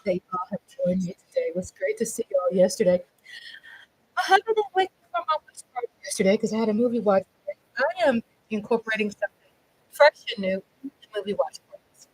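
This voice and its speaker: A middle-aged woman hosting a casual livestream, talking in a lively, chatty way and swinging from loud cheering to low asides. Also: fast talker, breathy edge, low-quality recording. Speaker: livestream host.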